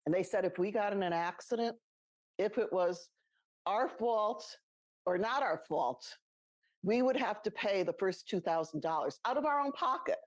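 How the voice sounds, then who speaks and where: With an expressive, mid-range voice and a moderate pace, a middle-aged podcast co-host tells chatty personal stories. She laughs as she goes and acts out others' voices, and there's no room sound in the recording.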